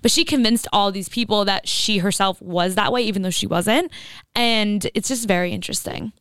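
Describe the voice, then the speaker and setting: A woman's voice: mid-range voice, normal speed, fairly bright tone, smooth, no room sound, studio quality. A young woman co-hosting a podcast, talking casually and leaning on "like" a lot. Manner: chatty, heavy use of "like". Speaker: podcast co-host. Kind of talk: casual chat.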